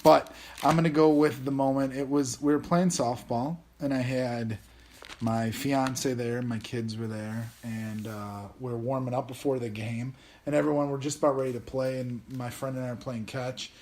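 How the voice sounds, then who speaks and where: A man's voice: medium pitch, steady tone, normal speed, a little mellow. A man in his thirties hosting a casual podcast chat, telling a self-deprecating story. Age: 30s. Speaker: podcast host.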